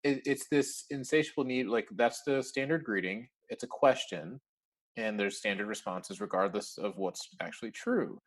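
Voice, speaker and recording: A man's voice: lowish voice, moderate pace. A man talking as a podcast guest in a casual interview, chatty and laughing often as he acts out bits of dialogue.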